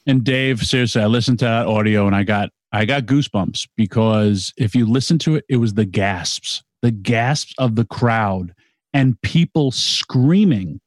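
Excitable man chatting about wrestling. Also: on the low side, no echo. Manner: excitable, rambling, quick restarts. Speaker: podcast co-host. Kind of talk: casual wrestling chat.

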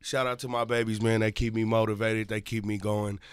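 A man's voice: on the low side, level tone, fairly quick, smooth, dry recording, studio quality. A man in his twenties in casual chat, laid-back, tacking "man" onto most of his lines. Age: 20s.

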